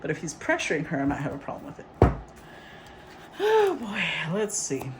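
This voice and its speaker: A woman's voice: sits low, expressive, very fast, heavy background noise. Giggly woman doing a tarot reading. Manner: laughs often, chatty, rambling. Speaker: tarot reader.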